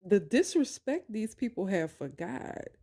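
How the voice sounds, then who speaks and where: A woman talks straight to her viewers, recounting her own experiences at a slow, deliberate pace. She presses her points hard, almost like preaching, then drifts into softer, hesitant stretches full of ums. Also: mid-range voice, very animated, gravelly. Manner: emphatic, preachy, addresses viewers directly. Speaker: vlogger telling her own story. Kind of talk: personal storytelling to camera.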